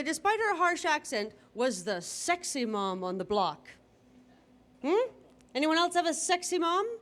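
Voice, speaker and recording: A woman's voice: high voice, fairly bright tone, a little hiss or hum. A woman stand-up comedian doing a set on stage, teasing the audience. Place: stage in front of a live audience.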